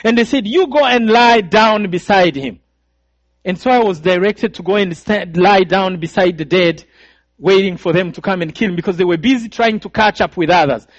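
High-voiced preacher giving testimony. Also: male voice, fairly quick. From Rwanda. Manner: emotional storytelling, repeated phrases. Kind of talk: sermon testimony. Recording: dull, dry sound.

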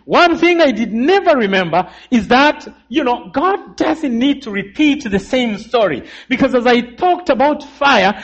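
A man giving a sermon testimony, telling his story dramatically and calling for amens, his voice dropping low and rising again. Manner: dramatic storyteller, calls for amens, swings between loud and hushed. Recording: muffled lo-fi recording.

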